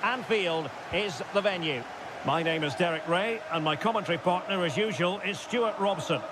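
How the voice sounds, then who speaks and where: Man, football video game commentator, high-pitched voice, crisp play-by-play, lifts on chances, loud stadium noise behind. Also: moderate pace. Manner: crisp play-by-play calling player names, rising sharply on chances and goals.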